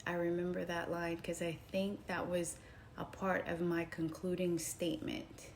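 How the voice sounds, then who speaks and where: A woman vlogger recounts a story to her viewers at a slow, easy pace. Her voice sits a little low, dropping to hushed tones for quoted asides and rising in excited bursts. A faint noise floor hangs under the recording. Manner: animated, addresses viewers as y'all, swings from hushed to shouting. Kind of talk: casual storytelling to camera.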